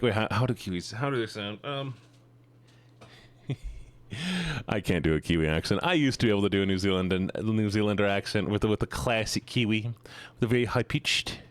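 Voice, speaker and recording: A man's voice: fairly low pitch, no room sound. A man streaming and chatting casually with his viewers, rambling and joking as he gets sidetracked.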